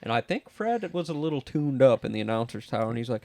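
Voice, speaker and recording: A man's voice: mid-range voice, very animated, fast talker, gravelly, few pauses, a little mellow. A man co-hosting a casual motocross show from a small studio, a loose storyteller who drops into announcer impressions. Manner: loose storyteller, mimics announcers in his anecdotes. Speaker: podcast co-host. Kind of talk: casual chat.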